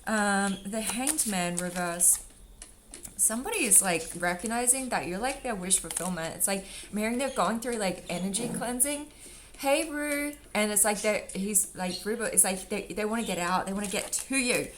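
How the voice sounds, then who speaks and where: A woman's voice: medium pitch, moderate pace, slight background noise. Chatty woman reading tarot cards. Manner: chatty and rambling, calls viewers sweetheart and darling. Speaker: tarot reader. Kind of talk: casual tarot reading video. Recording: faint drum music underneath. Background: faint drum music.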